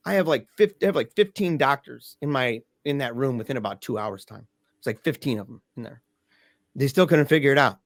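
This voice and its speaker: A Michigan man on a podcast, a grieving father, shares a painful family story in casual, emphatic talk laced with "dude" and "man." His mid-range voice is expressive and brisk, with no room sound in the recording.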